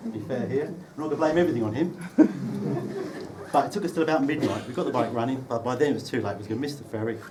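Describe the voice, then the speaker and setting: Speaking fast in a mid-range voice, a man gives a humorous speech at a wedding reception held indoors. He teases the groom with dry anecdotes and well-timed punchlines. A far-off mic picks him up amid loud room noise.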